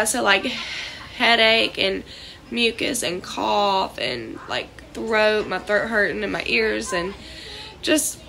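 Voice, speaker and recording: Young woman, congested and coughing, higher voice, scattered casual vlog talk. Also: creaky, sharp tone. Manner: scattered, rambling, many fillers. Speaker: vlogger. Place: small trailer indoors.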